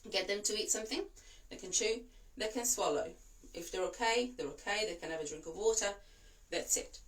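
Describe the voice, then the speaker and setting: A woman, a voice and breathing coach whose first language is not English, giving calm, reassuring instructions and demonstrating slow breaths. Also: medium pitch, distant mic. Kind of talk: instructional talk to camera.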